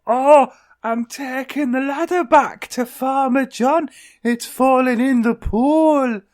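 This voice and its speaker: A man voicing a chirpy, fussy male duck in a high put-on voice for a comic improvised story. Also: slow, a little mellow.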